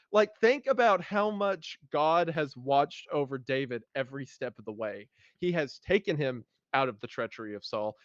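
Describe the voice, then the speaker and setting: A man's voice: mid-range voice, expressive, normal speed, few pauses, no echo, highs cut off. A man hosting a podcast, talking in a casual, heartfelt way and reading scripture aloud with feeling. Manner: emotional, enthusiastic, reads scripture aloud with feeling. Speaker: podcast host.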